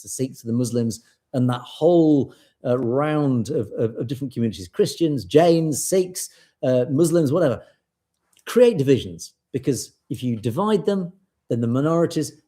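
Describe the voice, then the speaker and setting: Chatty british male host, mellow voice. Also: mid-range voice. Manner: chatty, rambling, many restarts and fillers. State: voice tiring. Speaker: show host reading viewer comments. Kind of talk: live show comment reading.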